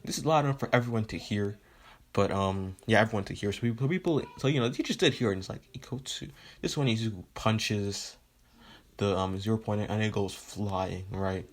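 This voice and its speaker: Man, lowish voice, rambling casual storytelling, lots of fillers, occasional swearing. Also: brisk. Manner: rambling, leans on fillers like "right?" and "you know". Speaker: fan fiction storyteller.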